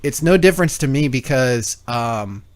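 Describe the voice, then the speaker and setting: A man's voice: medium pitch, animated, moderate pace. A man co-hosting a call-in talk show, telling a long story in casual chat, swearing and acting out both sides of conversations. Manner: rambling storyteller, swears, acts out dialogue.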